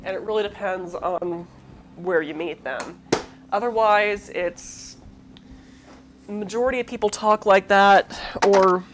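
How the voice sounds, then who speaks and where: Against a noisy background, a woman with a mid-range voice runs a cooking demo, chatting casually and rambling as she cooks. She's a cooking show host from the southern United States whose light Southern lilt is mixed with Midwestern.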